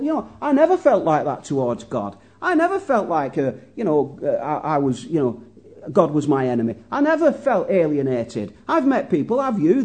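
A man's voice: high-pitched, dark tone. A man preaching a sermon earnestly, putting questions to the congregation and often repeating his words.

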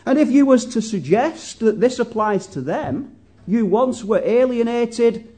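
A man's voice: extremely high pitch, dark tone, breathy edge. A man preaching a sermon earnestly, putting questions to the congregation and often repeating his words.

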